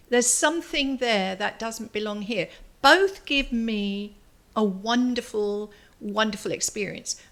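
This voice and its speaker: Older London-accented woman, bright high register, casual talkative interview guest. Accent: English, London. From London, England. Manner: chatty, warm laughs, thinks aloud. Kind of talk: casual chat.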